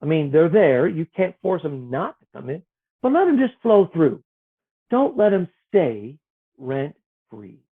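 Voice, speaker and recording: A man speaks gently and earnestly about faith, his fairly high voice rising and falling in lively swings. He sometimes acts out the voices in his head. The sound is thin and tinny, like a phone line. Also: measured pace, breathy edge. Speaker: author guest. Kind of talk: reflective spiritual conversation.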